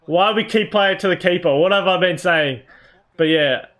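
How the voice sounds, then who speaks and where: Young male gaming YouTuber, slightly high voice, excitable play-by-play with swearing. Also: moderate pace. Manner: excitable, swears, shouts at his team. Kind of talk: live gameplay commentary.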